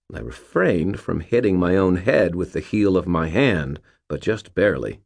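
A man narrating a story in the first person, in a dry, low manner. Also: animated, normal speed, creaky, hardly any pauses, a little mellow. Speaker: audiobook narrator. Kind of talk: scripted narration.

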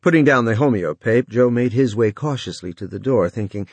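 A man narrating a novel in a measured, expressive reading. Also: medium pitch, no room sound. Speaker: audiobook narrator. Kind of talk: scripted narration.

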